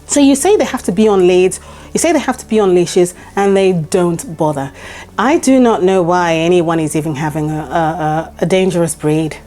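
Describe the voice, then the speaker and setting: A woman's voice: mid-range voice, lively intonation, brisk, mellow, faint music behind. A woman vlogger telling a personal story to camera, emphatic and repeating her points for stress.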